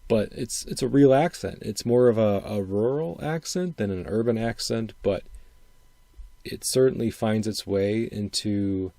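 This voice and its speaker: Low, mellow-voiced man from Wisconsin. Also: measured pace, creaky, no echo. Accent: upper Midwestern. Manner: rambling, thinking aloud, repeats words. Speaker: podcast host. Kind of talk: casual solo podcast commentary.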